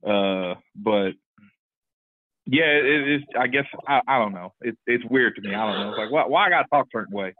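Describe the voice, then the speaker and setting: A man's voice: mid-range voice, expressive, moderate pace, no room sound. A man with a Southern US country accent, a pro wrestler guest chatting casually and teasing others with a laid-back drawl. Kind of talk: casual panel chat. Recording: tinny phone-like line.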